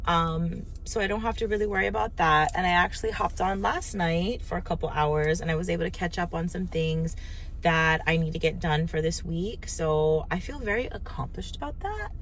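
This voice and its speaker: A chatty woman vlogger talks in an easy, rambling way, full of "um" and "like," from behind the wheel. She records on her phone in a moving car. Road noise hums clearly beneath her voice. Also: lowish voice, moderate pace. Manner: chatty, rambling, lots of fillers. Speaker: lifestyle vlogger. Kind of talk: casual vlog storytelling. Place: inside a car while driving.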